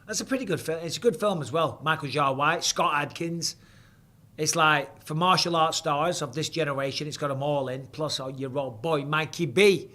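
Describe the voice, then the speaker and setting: Blunt, swearing man, slightly high voice. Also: moderate pace, pushed and bright. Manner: blunt, swearing, chatty banter. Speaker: host. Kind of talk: casual live fight commentary.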